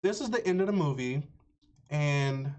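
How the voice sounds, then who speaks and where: Animated slangy man recapping a movie. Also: fairly high pitch, moderate pace. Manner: animated, slangy, profane storytelling. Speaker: streamer and movie reviewer. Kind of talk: casual movie recap on a live stream. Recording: slightly muffled lo-fi audio.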